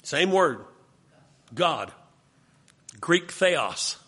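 A man teaches a Bible study class, asking his students question after question and steering them back to the text. His voice is bright and forceful with a husky edge. He sits a little higher than most men. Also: very animated, very slow.

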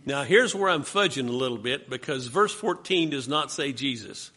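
A man's voice: mid-range voice, animated, moderate pace, bright, forceful tone. A man leading a Bible study class, questioning his students and coaching them through the text.

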